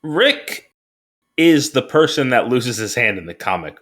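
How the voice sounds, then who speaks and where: Animated man chatting on a podcast. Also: medium pitch, a little slow. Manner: animated, laughing, mimics his own reactions. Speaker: podcast co-host. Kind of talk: casual chat.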